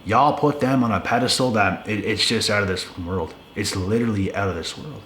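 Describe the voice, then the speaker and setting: A man's voice: lowish voice, brisk, fairly bright tone, slight background noise. A young man in a blunt, casual rant to the camera, profane and emphatic, often repeating himself. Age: young adult. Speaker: video creator. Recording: echoey room with faint ambience.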